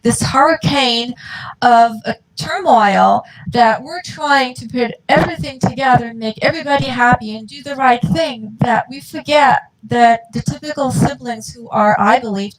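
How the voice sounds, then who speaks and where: A mother in middle age, there as a guest, shares her family's story in an impassioned, earnest way and performs the dialogue as she goes. She speaks at a moderate pace in a slightly high voice. Crowd noise is audible and the audio quality is poor.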